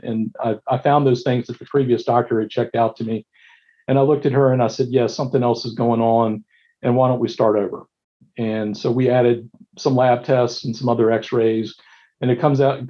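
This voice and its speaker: A man's voice: medium pitch, highs cut off. A male emergency physician telling stories from his shifts, with many restarts and fillers. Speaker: emergency physician, medical director. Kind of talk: recounting stories in a panel discussion.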